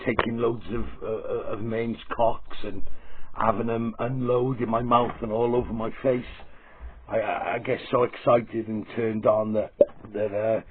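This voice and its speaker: A man's voice: lowish voice, little pitch movement, unhurried, a little hiss or hum. A man ranting profanely and aggressively to camera in a crude satirical comedy vlog. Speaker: comedy vlogger. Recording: tinny phone-like audio.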